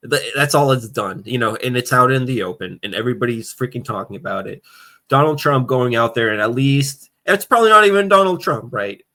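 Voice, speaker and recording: A man's voice: mid-range voice, animated, a little fast, bright, forceful tone. A man co-hosting a casual political podcast, ranting heatedly and swearing often. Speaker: podcast co-host.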